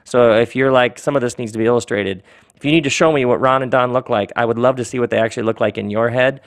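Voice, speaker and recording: A man's voice: medium pitch, fast talker. Playful male podcast host. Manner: animated, joking, laughs often. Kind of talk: playful monologue and reading aloud.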